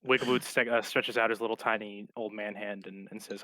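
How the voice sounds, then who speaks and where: A man with a middle-pitched voice, heard through a dry close mic, jokes around while narrating what his character does at the game table. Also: fairly even intonation, a little fast, pushed and bright, no room sound. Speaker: player. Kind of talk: casual tabletop role-play.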